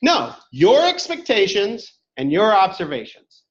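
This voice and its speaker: A workshop instructor leads a classroom session, speaking directly and conversationally while fielding questions from the room. His high-pitched, fairly bright voice swoops wildly at a measured pace, and the recording is echoey and dull lo-fi.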